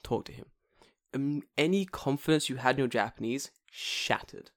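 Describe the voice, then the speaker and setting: A man's voice: mid-range voice, moderate pace, a bit bright. A young man hosting a casual chat, joking and swearing often with frequent laughter. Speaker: podcast host.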